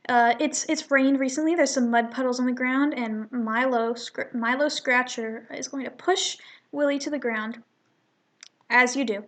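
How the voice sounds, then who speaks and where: A woman's voice: high voice, steady tone, moderate pace, fairly bright tone. A young woman casually reading a comic aloud, chatty and often stumbling and correcting herself. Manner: chatty, stumbling over words, self-correcting. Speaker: reader of a fan comic. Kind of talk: casual comic read-along with voices.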